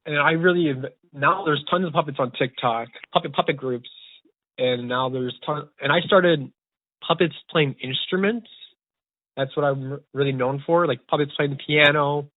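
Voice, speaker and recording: Young male podcast host, rambling and excited; dead, narrow phone-quality audio. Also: a little high, normal speed, no room sound. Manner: rambling, eager, many restarts. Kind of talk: casual storytelling chat. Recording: tinny phone-like dry sound.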